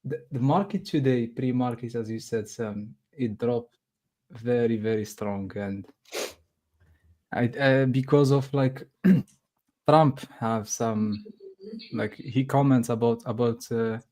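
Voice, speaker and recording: Mellow-voiced man, halting speech. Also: mid-range voice. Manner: halting, searching for words. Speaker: trading coach. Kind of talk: casual live-stream chat.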